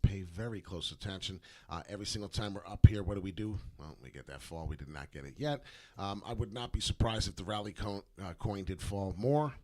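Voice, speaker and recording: Low-voiced rambling man on crypto charts. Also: a little fast. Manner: rambling, filler-heavy, repeats words for emphasis. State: hiccuping. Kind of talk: casual market commentary.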